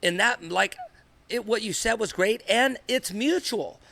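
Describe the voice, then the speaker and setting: Man, podcast co-host, high gravelly bright voice, earnest and rambling, dry close sound. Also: unhurried, no echo. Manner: earnest, rambling, repeats himself. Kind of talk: candid podcast conversation.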